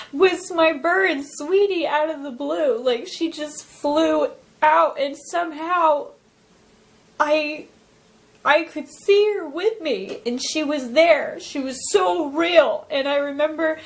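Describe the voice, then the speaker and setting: Young woman, high voice, halting emotional testimony, lots of um and like. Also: poor audio. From Alaska, US. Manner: emotional, halting, many fillers and restarts. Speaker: near-death experience witness. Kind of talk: personal testimony, casual storytelling.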